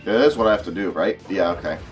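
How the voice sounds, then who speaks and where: A man's voice: sits low, fast talker. A young man hosting a gaming channel, rambling and joking through let's-play commentary, self-deprecating. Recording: faint game music behind.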